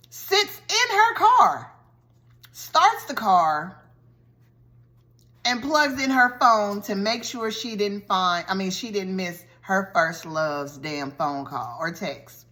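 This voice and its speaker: A woman vlogger recapping a TV show's plot in a lively, colloquial storytelling style, full of slangy asides. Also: medium pitch. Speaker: vlogger reviewing a TV show.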